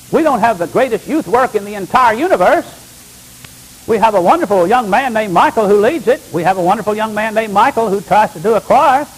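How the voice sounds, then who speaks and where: Older man, pastor, sermon delivery; fairly high, very expressive pitch, swings from hushed to loud. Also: breathy edge, low-quality recording. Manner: emphatic preaching with wide swings between hushed and loud.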